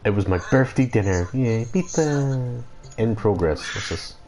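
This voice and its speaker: A man streaming a video game, giving casual commentary, excitable and sweary, breaking into loud laughs and whoops. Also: medium pitch, unhurried, rough recording. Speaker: gaming streamer.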